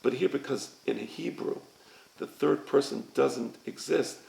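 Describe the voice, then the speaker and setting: A man teaching a recorded lesson, explaining slowly and often checking with "right?". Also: medium pitch, vocal fry, a little mellow, roomy sound, poor audio. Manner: slow, explanatory, repeats "right?" to check understanding. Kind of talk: recorded lecture on grammar.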